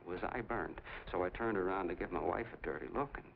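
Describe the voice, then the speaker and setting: Folksy, rambling soda jerk, lowish voice, tinny old-movie sound. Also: male voice, brisk, gravelly. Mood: eager. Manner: chatty, rambling storyteller. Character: folksy small-town male soda jerk, friendly. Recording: tinny 1940s film soundtrack, faint hiss.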